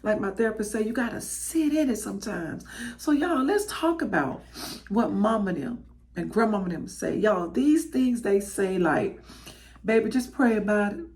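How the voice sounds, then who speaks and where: A tearful woman hosting a podcast reflects from the heart in an emotional, testifying way, calling her listeners "y'all." Her medium-pitched voice is expressive and a little mellow, at a moderate pace.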